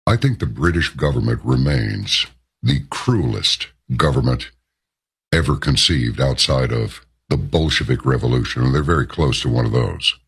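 On the radio, a man holds forth in an emphatic opinion monologue, pressing heavily on the words he stresses. The voice is very low and husky, raspy, with a gravelly fry.

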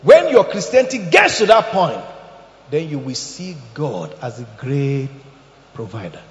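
A man preaching a sermon, telling animated stories and asking the congregation questions. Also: on the high side, unhurried. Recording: echoey hall, dull sound.

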